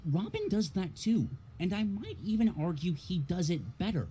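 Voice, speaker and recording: A man reads his game critique with lively, swooping emphasis. His slightly high, mellow voice sounds worn, as if he is losing it from talking so long, and a faint noise sits under the recording. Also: moderate pace. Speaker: streamer critiquing game character designs. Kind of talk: reading a prepared critique aloud.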